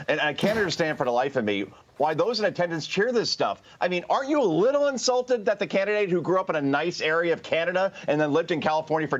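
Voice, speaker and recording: A man giving sarcastic commentary as a guest on a cable news morning show, speaking in quick quips. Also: a little high. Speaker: political commentator. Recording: dull lo-fi audio.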